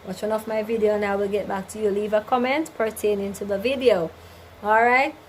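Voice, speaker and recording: Her pitch sits in the middle, her tone steady and her delivery brisk, with a little hiss or hum marring the poor recording. As a livestream host in a relaxed chat, she reads out viewers' comments and offers faith-driven counsel in a preachy way, repeatedly asking "you understand?" and "right?".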